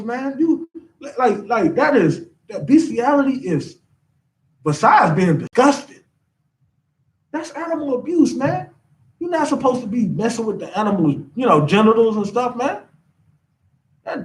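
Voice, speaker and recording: A man lectures a class in a loose, ranting style and keeps asking whether his listeners follow him. His voice is unusually high and swings widely in pitch. He sounds a fair way from the microphone. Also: recorded from a distance, rough recording. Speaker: class teacher.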